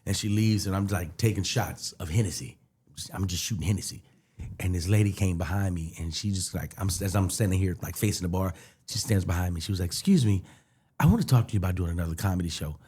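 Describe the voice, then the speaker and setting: Fast-talking man telling a story. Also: sits low, slightly rough. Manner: animated storyteller acting out voices. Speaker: comedian guest. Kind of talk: casual storytelling on a podcast.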